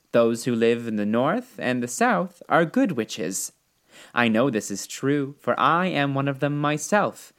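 A man voicing a small, kind old woman who is a good witch, speaking calmly and reassuringly in a storybook reading. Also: mid-range voice. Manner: calm, gently reassuring.

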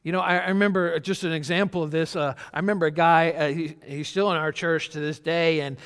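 A pastor delivers a sermon in a high, light voice, speaking in an easy, conversational way with frequent restarts. His words trail off into the long reverb of a large church hall. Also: steady tone, brisk, fairly bright tone, clean tone. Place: church sanctuary.

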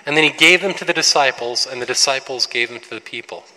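Bright-voiced male preacher in a reverberant hall. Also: mid-range voice, fast talker. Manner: animated storytelling with frequent restarts and rhetorical questions. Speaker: pastor. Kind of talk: sermon. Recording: long reverb of a large hall.

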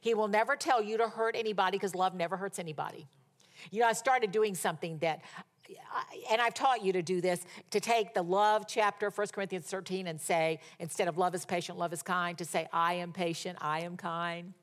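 A woman's voice: medium pitch, a little fast. Middle-aged woman preaching, storytelling and emphatic, leans hard on repeated lines. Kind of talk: sermon.

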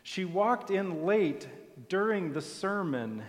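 A man preaching a sermon in a church, telling the story softly and deliberately. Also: high voice, expressive. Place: church sanctuary. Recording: long hall reverb.

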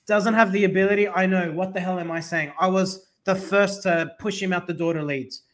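Animated man hosting a fan podcast. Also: high-pitched, fairly quick. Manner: animated, jokey, addresses listeners by name. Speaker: podcast host. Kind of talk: casual football fan podcast chat.

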